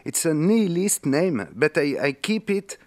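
A man in his forties with a French accent, speaking halting English full of fillers as a guest in a radio interview. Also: a little high, animated, no echo. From France. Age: 40s. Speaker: guest musician. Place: remote studio.

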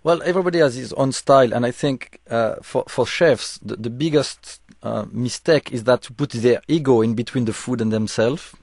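A man's voice: mid-range voice, moderate pace, hardly any pauses, darkish tone, no echo. Chef guy on a radio show, earnest, stops and restarts a lot, dry close sound. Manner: earnest, explaining with frequent restarts. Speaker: chef, studio guest. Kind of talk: radio interview answers.

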